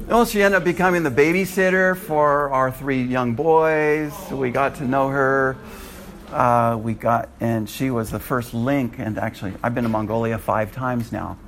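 A Bible college lecturer and missionary shares a testimony with a classroom, acting out his own words with sudden high jumps in pitch and bursts of laughter. His voice is a bit bright and his pace a little slow.

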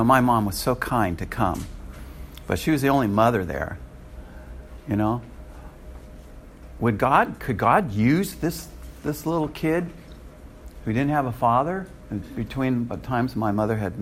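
Animated male preacher with lively pitch. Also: a little hiss or hum. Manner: animated, chuckling asides. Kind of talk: sermon.

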